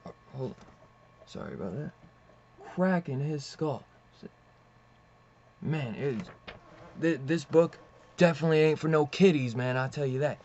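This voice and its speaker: A young man casually reviewing a comic book, rambling and excitable, swearing and saying "dude" often. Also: on the high side, normal speed, long pauses. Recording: slightly dull lo-fi audio with faint hiss.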